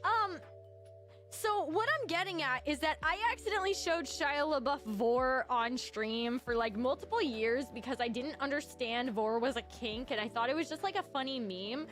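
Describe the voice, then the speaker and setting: A woman streamer chatting casually to her viewers, bubbly and excitable with sudden shrieking outbursts. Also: high voice, normal speed, soft background music.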